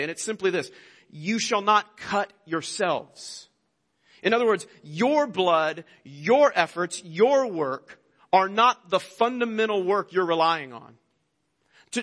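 A man with a notably high voice gives an earnest, conversational sermon, stumbling over and repeating words as he goes. His voice rings out with a long reverb. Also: fairly bright tone. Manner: earnest, conversational preaching with frequent restarts. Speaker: pastor.

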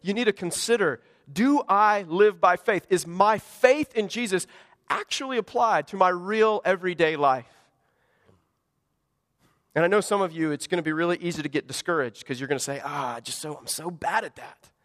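High-voiced pastor preaching in a hall. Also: male voice, normal speed, fairly bright tone. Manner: earnest, conversational preaching with rhetorical questions. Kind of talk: sermon. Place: church service in a school gymnasium.

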